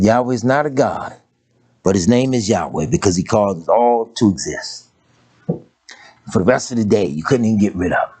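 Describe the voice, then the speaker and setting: An older man preaching a folksy, humorous sermon, telling stories and swinging from low murmurs to high exclamations. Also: a little mellow, husky. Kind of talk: sermon with storytelling.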